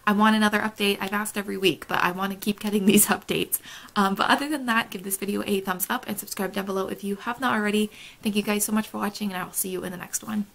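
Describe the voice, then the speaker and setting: Woman, book vlogger, creaky voice, rambling casual chat, laughs a lot. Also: medium pitch, fairly bright tone, poor audio. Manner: rambling, chatty, laughs often. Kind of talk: casual chatty vlog.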